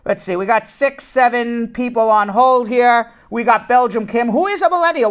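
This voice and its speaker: A man hosting a call-in show as an immigration lawyer, ranting with animated indignation and then answering callers. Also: very high voice, a little fast, few pauses.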